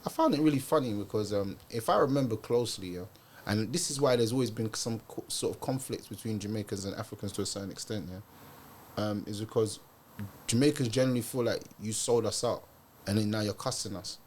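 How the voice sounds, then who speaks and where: A young man, chatting casually in a group discussion and telling animated stories packed with slang and fillers. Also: on the low side, a little fast, a little hiss or hum. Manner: animated storyteller, full of street slang and fillers.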